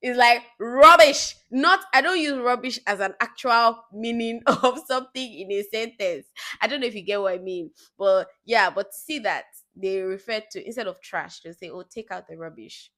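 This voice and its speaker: A woman's voice: medium pitch, normal speed, a bit bright. Chatty young woman telling stories. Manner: chatty storytelling with laughing asides. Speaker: vlogger. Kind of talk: casual chat to camera.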